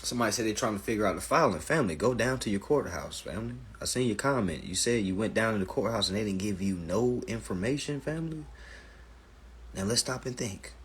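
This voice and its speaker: Male live-stream host, very husky, animated and expressive, talks straight to his viewers. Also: fairly low pitch, fast talker. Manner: animated, profane storytelling, addresses viewers as family. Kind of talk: casual live-stream talk.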